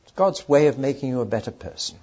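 A man voicing a gentle, pious old sage. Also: mid-range voice, fast talker, breathy edge. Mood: gently pleading. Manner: calm, gently persuasive. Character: gentle pious elderly male sage, pleading. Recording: dull lo-fi recording.

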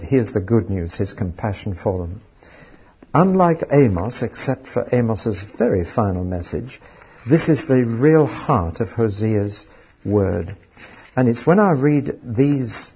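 A man's voice: on the low side, gravelly, a little mellow, slightly rough, dull audio. A man preaching a sermon, reading scripture aloud with strong emotional emphasis.

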